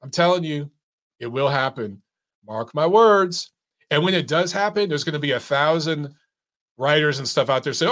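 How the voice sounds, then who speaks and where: A man's voice: mid-range voice, moderate pace, a bit bright. A middle-aged man hosting a casual boxing live stream, reading chat comments in a loose, chatty way with lots of fillers and restarts.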